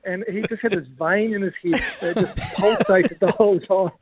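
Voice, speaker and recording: A man's voice: sits high, fairly even intonation, normal speed, rough recording. A man with a New Zealand accent, a former cricketer as guest, chatting in a laid-back storytelling way and laughing often. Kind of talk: casual podcast chat.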